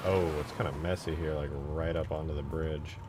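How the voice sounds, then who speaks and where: A man's voice: a bass voice, fairly even intonation, normal speed, heavy background noise. A young man casually thinking aloud while modding a game, chatting loosely with viewers in an easygoing way. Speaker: game modder and channel host. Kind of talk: casual commentary while working.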